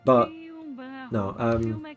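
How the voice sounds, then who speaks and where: A Scottish man hosting a relaxed late-night livestream, chatting frankly and laughing often. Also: mid-range voice, extremely slow, faint music behind. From Scotland. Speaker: livestream host. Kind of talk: casual late-night stream chat.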